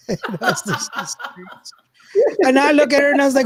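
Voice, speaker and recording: A man, hosting a podcast and telling a long, rambling, animated story full of laughter and acted-out quotes. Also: extremely high pitch, a little fast, dry recording. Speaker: podcast host. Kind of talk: casual storytelling chat.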